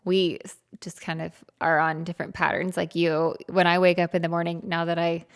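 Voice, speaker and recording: A woman in her thirties co-hosting a podcast with her husband, chatty and quick to chime in with agreement. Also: fairly low pitch, flat delivery, clear, resonant tone. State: pregnant. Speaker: podcast co-host. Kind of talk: casual podcast chat.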